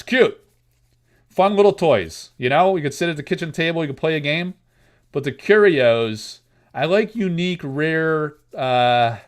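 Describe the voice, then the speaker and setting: A man hosting a live card-opening stream, chatting casually to his viewers, excitable and self-mocking. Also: fairly high pitch, clean tone. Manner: excitable, self-mocking, talks straight to chat.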